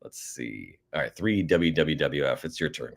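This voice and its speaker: A man's voice: rumbling low, animated, moderate pace, creaky, slight background noise. A man casually hosting a live-stream prize giveaway, goofy and chatty, reading out codes and talking to viewers.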